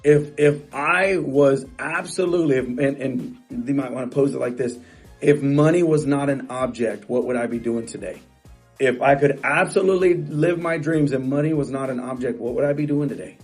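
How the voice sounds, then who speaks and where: A middle-aged man with a husky, darkish, medium-pitched voice gives a motivational talk coaching real estate agents. He speaks at a moderate pace, emphatic and repetitive, often restarting phrases. Soft music plays in the background.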